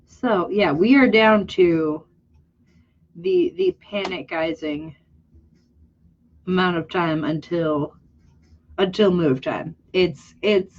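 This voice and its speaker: Drawing as she vlogs, a young artist talks casually in a rambling, candid, self-mocking way, with many restarts and a teary edge. Her voice is on the low side yet animated, slow with long pauses, and the lo-fi audio sounds muffled.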